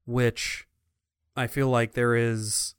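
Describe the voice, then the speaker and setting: A man's voice: mid-range voice, flat delivery, takes it slowly, smooth, no room sound, studio quality. A man co-hosting a podcast in casual chat, easygoing and chuckling, with playful voices for quotes. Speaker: podcast co-host.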